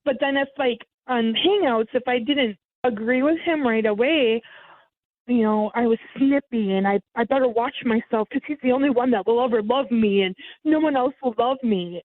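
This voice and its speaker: Lady telling her scam story over a thin phone line, highish voice, dead dry sound. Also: normal speed, dry recording. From United States. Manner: lively, mimics others with sudden high pitch jumps. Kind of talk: casual storytelling.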